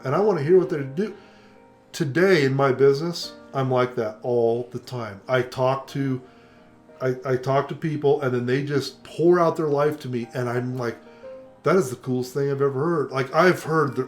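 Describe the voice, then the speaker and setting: Older man telling a lively story. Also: mid-range voice. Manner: animated storyteller, acts out quoted voices. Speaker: co-host. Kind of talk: casual conversation.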